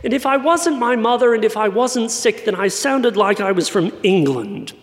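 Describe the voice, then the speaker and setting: A man's voice: high-pitched, expressive, normal speed. A man from San Antonio preaching a sermon in a wry, conversational way. His light voice is often mistaken for British. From San Antonio, Texas. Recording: long church reverb.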